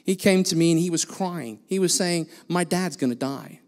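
Blunt high-voiced man preaching in a hall. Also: normal speed, a little mellow. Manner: blunt, self-mocking preaching. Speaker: guest preacher. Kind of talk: sermon. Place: church hall.

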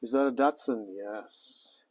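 Australian man, 40s, live-stream mechanic; unhurried, dark-toned, chatty, rambling asides to viewers. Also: medium pitch. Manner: rambling, talks to chat, says mate a lot. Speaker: livestreamer mechanic. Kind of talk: casual live-stream chat while working. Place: garage workshop.

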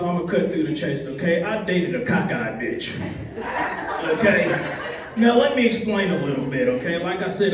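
A man hosting a comedy show, doing loose, rambling crowd work and teasing the audience. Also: a little high. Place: comedy club with live audience. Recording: roomy echo, distant mic, crowd laughter.

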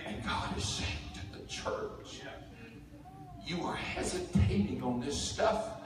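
A man preaches a fervent, emphatic sermon in a fairly high voice. He is picked up from a distance in a large church hall with a long, booming echo. Music plays steadily beneath his words. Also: lively intonation, slow. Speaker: pastor. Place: church sanctuary. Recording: echoey church hall from far off, music behind.

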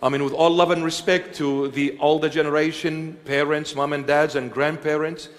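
A man preaching and answering questions before a congregation, halting with many fillers and joking now and then. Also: on the high side, flat delivery. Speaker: church bishop preaching. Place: church hall with congregation. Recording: long reverb of a large hall.

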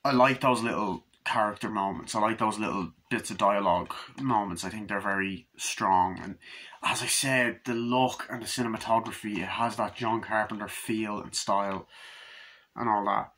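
A man's voice: on the low side, moderate pace, sharp tone. A young man giving a rambling, casual film review, swearing freely and acting out scenes in voices.

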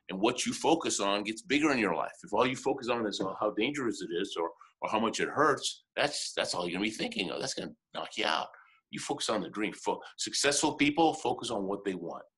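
Lower-voiced man telling a lively story. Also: husky. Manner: lively, chuckles often, restarts sentences. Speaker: motivational speaker, interview guest. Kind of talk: animated storytelling in conversation.

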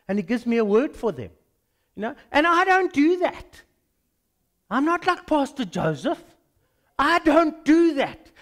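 Animated South African male pastor preaching. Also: very high-pitched, normal speed. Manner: animated storytelling, acts out dialogues. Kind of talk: sermon.

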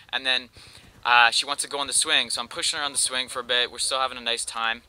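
Man, gaming commentator, rambling joke story, lots of "like", very bright tense tone, smooth clear voice. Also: medium pitch, level tone, quick pace, rough recording. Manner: rambling, heavy use of "like". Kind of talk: telling a long joke story over gameplay.

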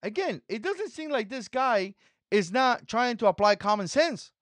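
A man's voice: very high-pitched, animated, moderate pace, fairly bright tone, dry recording. A man whose first language is not English, hosting an opinion commentary vlog in an emphatic, mocking way that repeats its points. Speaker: channel host.

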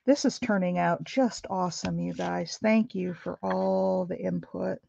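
Her voice is lowish, unhurried, creaky and dark, and the recording sounds muffled. She's a middle-aged woman hosting a craft livestream at home, rambling casually with viewers and laughing easily while she works.

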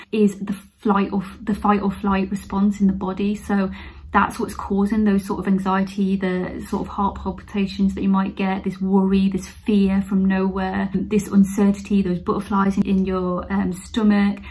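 Woman, nurse, candid heart-to-heart vlog, mid-pitched, earnest. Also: completely flat delivery, normal speed, darkish tone, low-quality recording. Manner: earnest, open, turns emotional and teary at times. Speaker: nurse vlogger. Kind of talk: heartfelt personal talk to camera.

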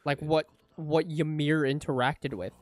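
A man reacting to an anime episode as he watches, excitable and profane, swinging between loud outbursts and hushed remarks. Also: fairly high pitch, a little slow. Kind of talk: live reaction commentary.

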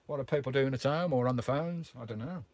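A man's voice: medium pitch, fast talker. A Welsh man from Wales, chatting casually on a live stream and greeting viewers as mate and bro from his camper van. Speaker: vlogger hosting a live stream. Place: inside his camper van in a remote valley.

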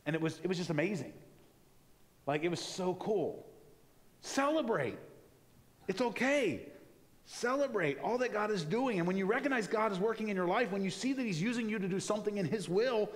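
Male pastor, sermon delivery, conversational and animated, slightly high voice, long church reverb. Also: normal speed. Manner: conversational, animated preaching with acted-out asides. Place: church sanctuary.

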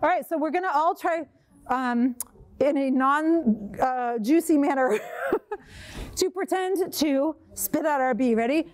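A woman's voice: sits high, slow pace, no echo. A woman librarian leading a children's storytime, reading a picture book aloud and coaxing kids to buzz, roar and act along. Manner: animated, sing-song, coaxing children to join in.

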